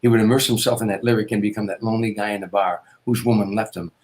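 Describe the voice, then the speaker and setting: An older man, a comedian, telling anecdotes in an interview, with repetitions and quick restarts. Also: on the low side, fairly even intonation, a little mellow. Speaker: guest comedian. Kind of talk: storytelling interview.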